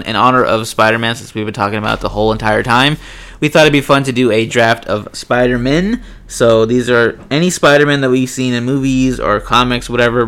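A man's voice: mid-range voice, a bit bright, smooth. A young man hosting a casual podcast, cursing freely, laughing as he tells stories, and slipping into voices when quoting friends. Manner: swears freely and laughs while retelling pranks. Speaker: podcast host.

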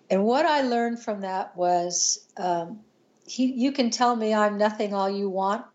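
A woman's voice: mid-range voice, a little mellow, dull audio. Earnest older woman telling a story. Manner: earnest, halting, with restarts and trailing pauses. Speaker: podcast guest. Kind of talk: emotional personal storytelling.

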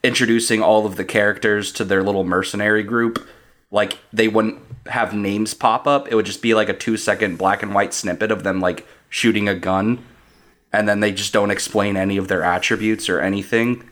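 A man's voice: lowish voice, steady tone, normal speed, a bit bright. A man in a casual podcast chat about a movie, laid-back, filling his talk with "like". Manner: laid-back, says like often, laughs easily.

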